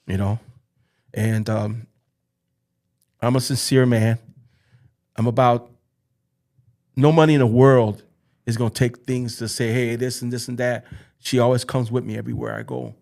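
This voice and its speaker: An earnest man talks as a podcast guest about his life in football. He speaks in halting bursts and circles back over his own phrases. His voice sits at an ordinary middle pitch for a man. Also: fairly even intonation, creaky, a little mellow. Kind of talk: emotional personal storytelling.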